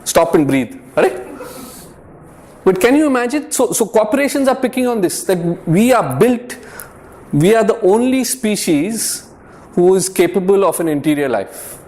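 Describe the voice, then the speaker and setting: Man, youth group speaker, slightly raised pitch, earnest, chatty, keeps asking "yeah?". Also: lively intonation, moderate pace, a little mellow. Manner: repeats words and checks in with "yeah?" and "right?"; conversational, earnest, lightly humorous. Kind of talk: informal faith talk to a youth group.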